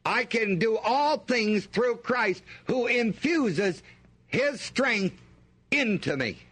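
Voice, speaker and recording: Male preacher, sermon delivery, slow and emphatic, asks the congregation to fill in the words. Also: very high voice, lively intonation, a bit bright, husky. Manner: emphatic, call-and-response questions to the congregation.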